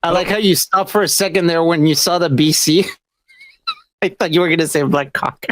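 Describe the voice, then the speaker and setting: A man's voice: fairly high pitch, fairly bright tone, a little hiss or hum. A man co-hosting a podcast, trading teasing, profane quips in casual chat. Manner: teasing banter, quick quips. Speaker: podcast co-host.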